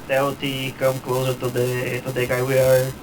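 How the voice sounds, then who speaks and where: A man's voice: medium pitch, completely flat delivery, normal speed, low-quality recording. A man at a tabletop game speaks hesitantly, full of likes and restarts as he asks what he can do. Faint noise sits under his voice. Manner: hesitant, asks many questions. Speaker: player. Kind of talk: casual tabletop play.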